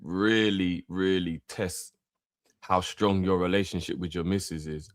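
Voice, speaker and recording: A man with a fairly low voice, chatting loosely in street slang as co-host of a football channel. The sound is close and dry, with no room around it. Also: unhurried, no room sound. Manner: laid-back slang, animated when mocking critics. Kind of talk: casual chat.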